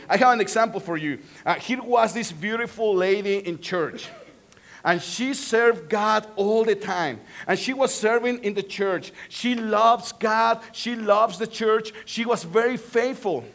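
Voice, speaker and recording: Man, pastor, Spanish accent, non-native English, animated sermon, high-pitched. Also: measured pace. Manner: animated, joking with the congregation.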